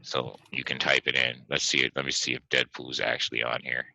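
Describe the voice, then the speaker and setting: Deep, bright-voiced man chatting animatedly. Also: a little fast, vocal fry, dry recording, rough recording. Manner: animated, laughing storyteller, repeats himself. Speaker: podcast host. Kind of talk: casual chat about movies.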